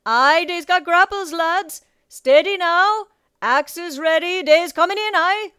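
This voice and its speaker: A woman voicing a gruff male ship captain who bellows orders to his crew in a clipped sailor's dialect. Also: extremely high pitch, slow pace, bright, forceful tone, dry recording, clean studio sound, pitched above the performer's own voice, exaggerated voice. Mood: bellowing orders.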